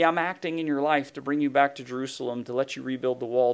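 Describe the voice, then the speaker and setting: A male pastor preaching in a loose, conversational way, full of "like" and "you know", who gets animated when he acts out what God says. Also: mid-range voice, fast, few pauses, smooth. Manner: animated, acts out God's voice with rising emphasis. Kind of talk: sermon.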